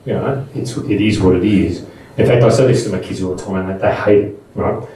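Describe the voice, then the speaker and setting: A middle-aged man gives a talk to a live audience, chatty and full of personal stories. His voice is low and mellow. He sounds distant from the microphone in a very echoey room. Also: steady tone, fairly quick. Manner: conversational and anecdotal, with frequent restarts. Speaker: speaker at a Buddhist seminar.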